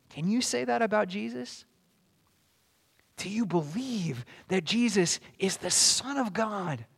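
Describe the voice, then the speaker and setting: High-voiced earnest preacher man. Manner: earnest preaching with rhetorical questions and bursts of emphasis. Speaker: pastor. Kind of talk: sermon.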